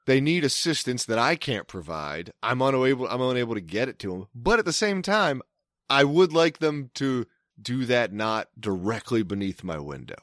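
A man's voice: mid-range voice, big pitch swings, normal speed, fairly bright tone, no room sound, studio quality. A man from Maryland telling a long story in casual chat, rambling, swearing a lot and breaking off his sentences. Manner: rambling, profane, self-interrupting.

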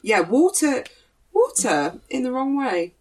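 A woman's voice: sits high, very animated, slow, darkish tone. A woman hosting a podcast in casual chat, bubbly and jokey, swearing freely. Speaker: podcast host.

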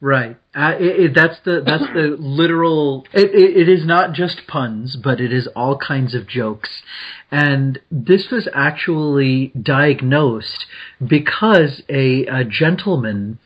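A podcast co-host talks slowly in a husky voice and giggles through his explanations. He rambles and restarts often. The recording sounds dull and lo-fi. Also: fairly high pitch. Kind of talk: casual podcast chat.

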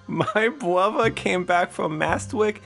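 A man's voice: high-pitched, slow, gravelly, fairly bright tone, soft background music, voice pushed up, full character voice. A man putting on a small worried little girl. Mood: earnest.

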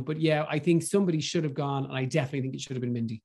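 A man's voice: on the high side, rapid-fire, few pauses. Effusive Irish man gushing about films. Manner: gushing and animated, with lots of restarts. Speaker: podcast guest. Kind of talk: casual film review chat.

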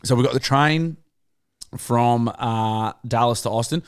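A man's voice: medium pitch, a little slow, clean tone. Aussie bloke cohosting a podcast, swears a lot, rambles through his stories. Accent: Australian. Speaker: podcast co-host. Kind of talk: casual banter.

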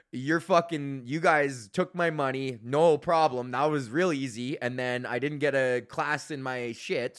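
A young man, hosting a podcast in a casual, profane rant, animated and mocking the people he quotes. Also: mid-range voice. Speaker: podcast host.

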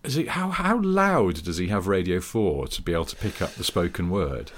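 Low, lively man bantering. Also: normal speed. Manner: playful, riffing on jokes. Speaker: podcast co-host. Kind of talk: casual chat.

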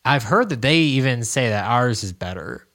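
A man's voice: mid-range voice, animated, normal speed, fairly bright tone. A young man co-hosting a podcast, chatting casually and rambling in a jokey way. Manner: rambling, jokey, laughs often. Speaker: podcast co-host. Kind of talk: casual chat.

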